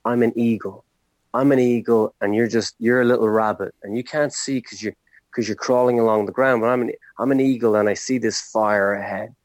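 A man's voice: on the low side, steady tone, fairly quick, no echo, natural voice. A man voicing a proud eagle, telling the tale with comic exasperation.

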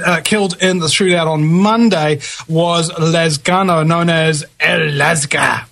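A man's voice: fairly high pitch, normal speed, gravelly, a bit bright. A man hosting a talk radio show, reading the news with blunt slangy asides and many fillers and restarts.

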